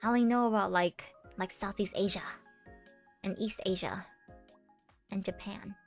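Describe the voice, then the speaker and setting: A woman's voice: medium pitch, steady tone, normal speed, faint music behind. A young American woman streaming live, chatting casually and playfully with many restarts. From United States.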